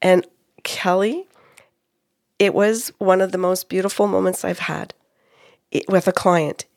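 Gravelly-voiced woman telling a story. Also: fairly low pitch, unhurried, no room sound, clean studio sound. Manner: animated retelling, acting out quotes. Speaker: psychic medium. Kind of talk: storytelling in a conversation.

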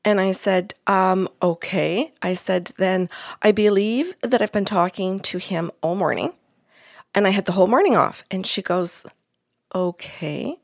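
A woman's voice: mid-range voice, unhurried, creaky, no room sound, clean studio sound. A woman psychic medium telling the story of a reading in casual chat, acting out each side of the talk in quotes. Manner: retells a reading in quoted dialogue.

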